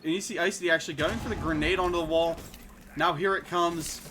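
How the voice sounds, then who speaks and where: A man calls a live esports match from his home stream in a high, bright, forward voice. He keeps up a running play-by-play and gets more excited on the big plays. A faint hiss of noise sits under the recording. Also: fast. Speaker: esports caster.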